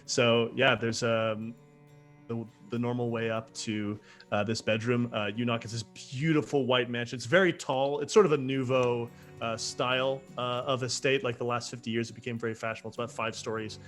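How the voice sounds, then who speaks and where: A man running a tabletop role-playing game, describing scenes in a relaxed, rambling way. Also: mid-range voice, moderate pace, soft background music. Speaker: game master.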